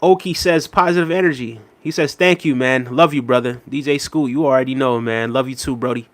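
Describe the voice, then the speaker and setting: A man hosting a live stream, reading viewer comments aloud and answering in a relaxed, chatty way with lots of "um" and "you know what I mean". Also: medium pitch, a little fast. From Jamaica.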